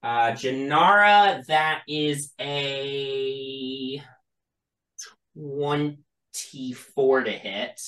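Slow-talking, easygoing game master, recorded in an echoey room. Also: medium pitch. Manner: relaxed, chatty, laughs often. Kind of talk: running a tabletop game.

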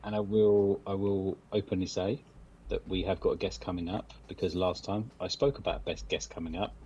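A man's voice: deep voice, flat delivery, moderate pace, mellow, husky, lo-fi sound. A man in his thirties co-hosting a podcast. He sounds tired and talks in easygoing, laughing banter. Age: 30s. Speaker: podcast co-host. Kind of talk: casual banter.

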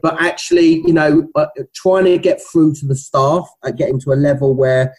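Husky middle-aged Cockney man. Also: fairly high pitch, normal speed, a little mellow, rough recording. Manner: rambling, with many restarts and fillers. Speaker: business founder guest. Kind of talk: casual interview talk.

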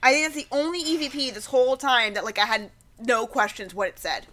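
Woman co-host, high and bright, dry wry storyteller in casual chat. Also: fairly even intonation, brisk. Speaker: podcast co-host. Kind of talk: casual chat recapping a ghost-hunting show.

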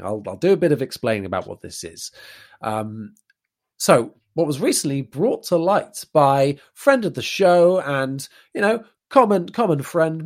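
A man hosting a podcast in casual chat, chatty and self-deprecating, explaining things at length. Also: mid-range voice. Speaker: podcast host.

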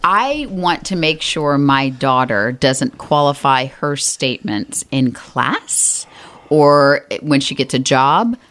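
A woman co-hosting a podcast in casual chat, lively and self-mocking. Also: extremely low pitch, takes it slowly. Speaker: podcast co-host.

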